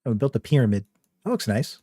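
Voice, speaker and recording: A man's voice: mid-range voice, very animated, fast talker, warm tone, no echo, studio quality. A young man casually chatting on his game livestream, rambling with lots of fillers and a trolling swagger. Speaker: game streamer.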